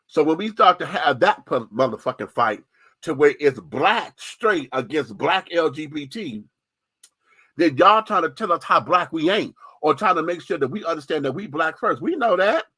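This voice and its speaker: A man's voice: fairly high pitch, animated, normal speed, bright, forceful tone, breathy edge, no echo. A man hosting a radio show, giving a candid, profane, sassy opinion monologue with lots of emphasis.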